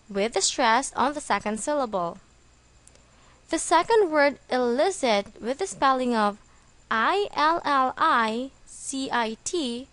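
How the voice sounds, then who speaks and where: A woman reading a scripted English vocabulary lesson, slow and deliberate, spelling words out letter by letter. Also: a little high, fairly bright tone, no room sound. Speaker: English teacher.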